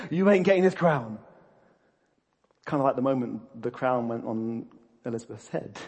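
A man preaching a sermon, animated and laughing often, with frequent restarts and fillers. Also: medium pitch, breathy edge.

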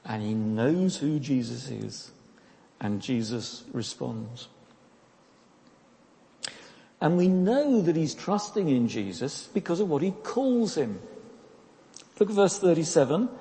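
A man's voice: fairly high pitch, vocal fry, mellow. A man preaching a sermon in a conversational way, often asking rhetorical questions and repeating words as he goes. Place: church. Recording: long reverb of a church hall.

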